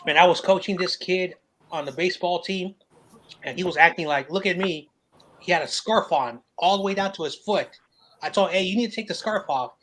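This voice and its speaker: High-voiced man telling stories. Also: brisk, slight background noise, low-quality recording. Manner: animated, laughing, profane. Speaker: podcast host. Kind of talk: casual chat, storytelling.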